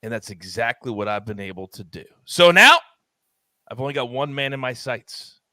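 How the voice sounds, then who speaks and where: A man's voice: medium pitch, a little fast, a bit bright, dry recording. A man on a golf podcast trash-talking a rival panelist, gleeful and taunting. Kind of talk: trash talk and casual banter. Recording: dry close mic.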